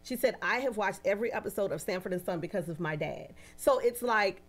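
A woman who works as a medium, a guest in a casual interview, telling animated anecdotes and acting out the voices of the people in them. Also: medium pitch, brisk. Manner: animated, acts out quoted dialogue in anecdotes; often adds "you know" and "right?".

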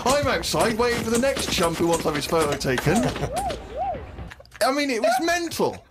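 A man's voice: high-pitched, big pitch swings, normal speed, heavy background noise. A man, a podcast co-host, telling a comic story in casual chat with a rising, exasperated manner.

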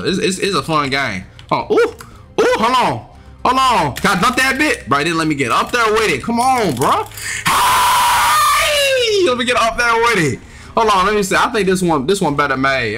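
A young man giving excitable, profane commentary while playing a game. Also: on the high side. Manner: trash-talking, excitable, profane. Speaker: gaming streamer. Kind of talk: live gameplay commentary.

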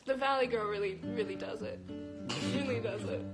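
A woman's voice: medium pitch, moderate pace, loud music behind the voice. A young adult woman singer in a casual livestream chat, giggling often as she talks.

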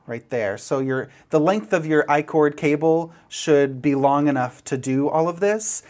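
A man's voice: on the high side, unhurried, a little mellow. A man giving a step-by-step knitting tutorial, chatty and playful as he demonstrates each move. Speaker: knitting instructor.

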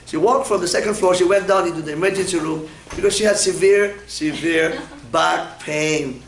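A man's voice: sits high, moderate pace, echoey room, poor audio. A man giving a medical lecture, joking, asking the class questions and answering them himself. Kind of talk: classroom lecture with personal anecdotes.

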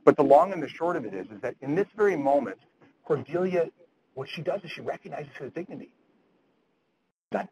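A man's voice: on the high side, lively intonation, brisk, long pauses, darkish tone, highs cut off, slight background noise. A man lecturing physicians at grand rounds, retelling a story earnestly and often repeating words as he goes.

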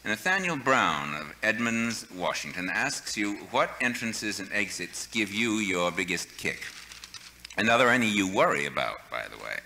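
A man's voice: fairly low pitch, very animated, moderate pace, sharp tone, echoey room, slight background noise, low-quality recording. A man hosting a radio talk show, introducing guests and reading listener letters in a formal, courtly announcer manner. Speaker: radio host. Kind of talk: scripted broadcast introductions.

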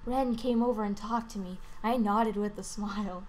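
A woman's voice: medium pitch, steady tone, normal speed, darkish tone. A woman playing a dating game, reading it aloud casually with crude joking asides. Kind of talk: casual let's-play reading.

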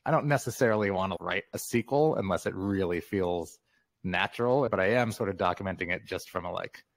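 A man in his fifties, a memoir author, talking as a podcast guest in a relaxed, reflective way and laughing often. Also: sits low, fairly quick. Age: 50s. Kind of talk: casual interview conversation.

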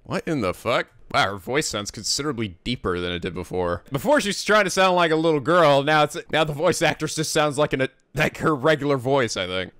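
A man giving profane, excitable running commentary while reacting to an anime episode. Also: mid-range voice, a little fast, few pauses, no room sound. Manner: excitable, profane, jumps into silly voices.

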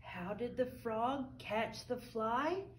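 Cheery librarian woman, slow and animated, in an echoey room. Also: on the high side, slight background noise. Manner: cheery, encouraging the children to join in. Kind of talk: reading a picture book to children. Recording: roomy echo.

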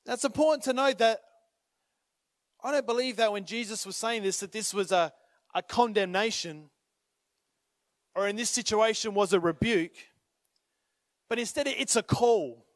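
High-voiced impassioned male pastor. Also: normal speed, pauses often, dry recording, clean studio sound. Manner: impassioned, rises to urgent calls then drops to quiet; acts out voices when retelling scripture. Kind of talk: sermon.

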